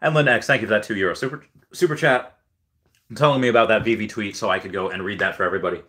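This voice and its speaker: A man's voice: on the low side, rapid-fire, bright, forceful tone. A young man casually chatting on a livestream, reading viewer comments and telling rambling, self-deprecating stories full of fillers. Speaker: livestream host.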